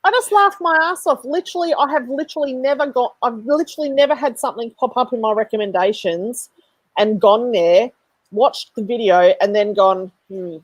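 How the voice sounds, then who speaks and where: A woman co-hosting a podcast in casual chat, agreeable and quick to laugh, with sweary asides. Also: a little high, dry recording. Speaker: podcast co-host.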